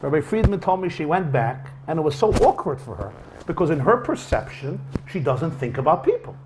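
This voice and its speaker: A male rabbi giving a storytelling lecture to a class, and his voice rises and falls a great deal as he acts out the dialogue. His voice sits somewhat high for a man. Faint background noise runs under the talk. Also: fairly quick. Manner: animated, acts out quoted dialogue. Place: lecture hall with a live audience.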